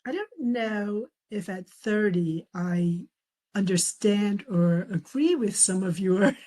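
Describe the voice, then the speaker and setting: Middle-aged woman author, mellow and unhurried, storytelling guest who laughs easily. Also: medium pitch, low-quality recording. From raised in a traditional Chinese family. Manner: warm storytelling, quotes family members, laughs often. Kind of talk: conversational interview.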